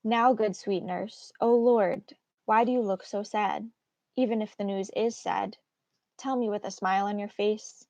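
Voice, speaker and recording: A woman's voice: medium pitch, steady tone, unhurried, a little mellow, no echo, natural voice. A woman reading aloud as an impatient, eager teenage girl who pleads and presses with question after question. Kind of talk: read-aloud of a play.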